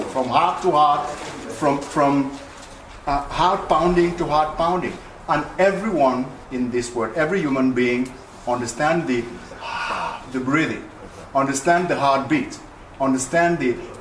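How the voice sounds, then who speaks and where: A man's voice: a little high, a bit bright. A man, an actor speaking on a panel at a film event, passionate and searching for his words. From France. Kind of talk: panel discussion remarks. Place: large hall at a film event. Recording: echoey hall from far off with noise.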